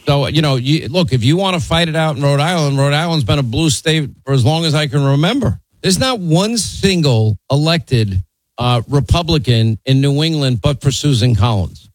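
Blunt talk radio host, dry studio. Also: male voice, on the high side, animated, normal speed, no echo, rough recording. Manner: blunt, conversational, teasing.

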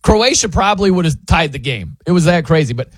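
Husky and on the high side, a sports radio host talks fairly quickly through a casual, jokey story, acting out people's lines with animation. The studio sound is clean with no echo.

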